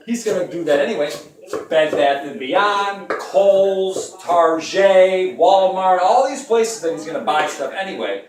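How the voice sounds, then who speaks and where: A man's voice: high-pitched, animated, unhurried, roomy sound, distant mic. A man hosting a joking home cooking demonstration, rambling with playful asides to the viewers. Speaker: home cooking show host.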